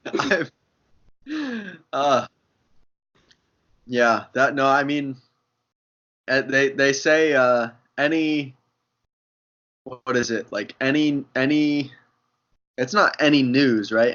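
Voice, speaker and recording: Slow, halting young man on a lo-fi podcast. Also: mid-range voice, steady tone, fairly bright tone. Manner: hesitant, halting, full of fillers. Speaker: podcast co-host. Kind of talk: casual chat. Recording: dull lo-fi podcast audio.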